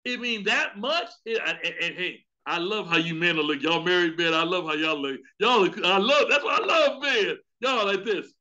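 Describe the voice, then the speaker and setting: A man preaching a sermon at a Bible study, telling a comic story with lively outbursts. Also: high-pitched, normal speed, few pauses, muffled recording. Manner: animated, comedic storytelling with outbursts. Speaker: pastor.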